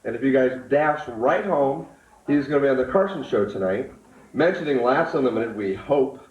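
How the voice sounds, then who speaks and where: A man's voice: medium pitch, animated, far from the mic. A man emceeing at a comedy club, plugging coming shows and introducing the next act. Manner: brisk, promotional. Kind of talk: announcing acts to a live audience. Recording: lo-fi 1980s live tape, roomy club.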